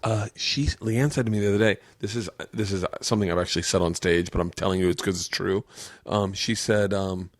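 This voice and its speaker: A man and comedian co-hosting a casual podcast, telling stories excitedly and laughing often, with jumps into high-pitched bursts. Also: fairly quick, dry recording, studio quality.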